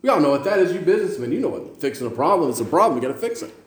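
High-voiced preacher with a Western New York accent. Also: male voice, very animated, racing. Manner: jokey storytelling, stammering restarts. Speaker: pastor. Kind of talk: sermon. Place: church sanctuary. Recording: echoey church room.

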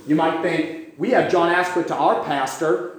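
A man's voice: fairly high pitch, moderate pace. Fervent preacher man in an echoey room. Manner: fervent, rising to loud cries; questions the listeners over and over. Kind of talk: sermon.

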